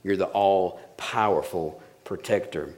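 A middle-aged man preaching a sermon, with emphatic, repetitive phrasing that drops to soft, intimate tones. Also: low voice, slow. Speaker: pastor.

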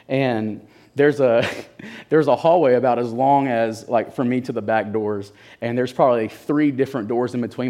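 A young man in his twenties tells a personal story from the pulpit in an animated storytelling manner. He breaks into laughter and acts out the people he quotes. His voice sits in an ordinary middle pitch. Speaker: church speaker giving testimony. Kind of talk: sermon storytelling.

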